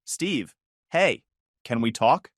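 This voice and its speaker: A man voicing a young ex-girlfriend who talks softly and shakily, close to tears. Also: mid-range voice, lively intonation, slow, no echo. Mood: pleading. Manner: shaky, soft, near tears. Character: young woman, tearful ex-girlfriend, pleading.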